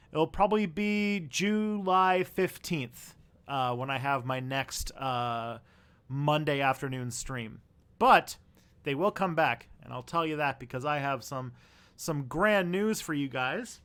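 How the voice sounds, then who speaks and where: A man's voice: fairly high pitch, a bit bright, clear, resonant tone. A man hosting a casual live stream, chatting in a rambling, easygoing way to his viewers. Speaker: livestream host.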